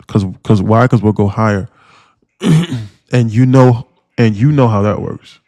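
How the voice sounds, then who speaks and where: A man giving live day-trading commentary on a stream, talking in an animated, emphatic way that keeps repeating and restarting phrases. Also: fairly low pitch, measured pace, long pauses, no room sound, studio quality.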